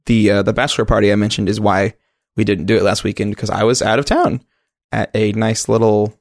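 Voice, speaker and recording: A man's voice: lowish voice, steady tone, a little fast, vocal fry, no echo, studio quality. A man co-hosting a casual video game podcast while sick with a cold, rambling playfully and correcting himself as he goes. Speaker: podcast co-host.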